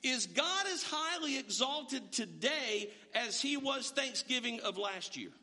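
A middle-aged man preaching a sermon in a lively, conversational way, often restarting his sentences. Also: very high-pitched, takes it slowly. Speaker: pastor. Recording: reverberant church hall.

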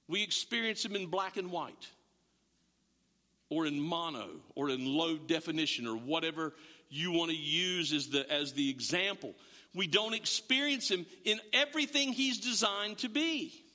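A man preaching a sermon as pastor, animated and acting out his listeners' voices. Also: fairly high pitch, normal speed, big-room sound.

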